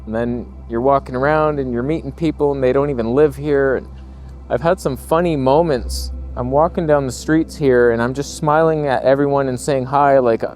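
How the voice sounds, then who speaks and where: A man's voice: medium pitch, steady tone, moderate pace, darkish tone, soft background music. A man vlogging casually while walking outdoors, rambling through wry, jokey stories. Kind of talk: casual vlog chat. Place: walking outdoors in a small town.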